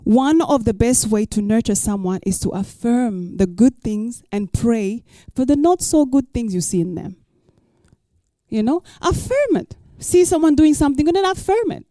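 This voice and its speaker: A woman's voice: fairly high pitch, expressive, normal speed, dark tone, no room sound, clean studio sound. A woman pastor preaching a sermon, emphatic and repeating her key lines for the listeners.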